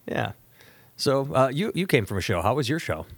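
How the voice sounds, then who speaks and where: A man's voice: medium pitch, very animated, moderate pace, breathy edge, no echo. A man in his thirties, a comedian hosting a podcast, telling a story casually and acting out both sides of each conversation. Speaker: podcast host and stand-up comedian.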